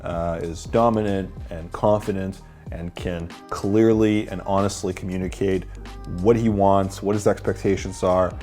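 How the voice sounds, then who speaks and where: A man's voice: low voice, fairly even intonation, unhurried, dark tone, soft background music. A man explaining techniques in a confident, blunt instructional voice-over, swearing casually. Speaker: dating coach.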